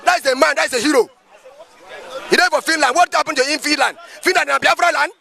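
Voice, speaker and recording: High, gravelly Nigerian preacher man. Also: quick pace, sharp tone, some chatter behind. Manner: emphatic, preachy, full of rhetorical questions. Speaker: pastor. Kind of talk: impassioned street commentary.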